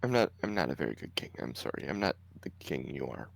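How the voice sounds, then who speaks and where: Timid gnome king, halting and apologetic, a man playing him. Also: very deep voice, sing-song, creaky, voice pushed down, exaggerated voice. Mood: remorseful.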